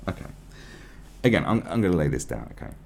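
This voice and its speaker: A man's voice: sits low, very animated, fast talker, vocal fry, darkish tone. A man giving profane, rambling, sarcastic commentary on a news article.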